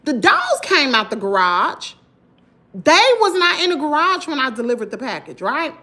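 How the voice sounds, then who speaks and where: A woman from Mississippi with a Southern accent, telling a story to her viewers in an animated, emphatic way. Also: sits high, moderate pace. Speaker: vlogger.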